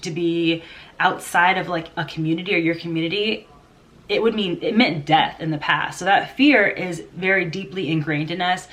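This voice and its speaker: Chatty congested woman vlogger, low-pitched. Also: a bit bright. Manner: chatty, rambling, laughs often. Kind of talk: casual unedited vlog chat.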